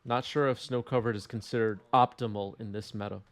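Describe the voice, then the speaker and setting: A man's voice: on the low side, steady tone, a little fast, no echo. Wry man with a New York accent. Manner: wry, reads chat aloud. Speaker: commentator. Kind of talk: live game commentary.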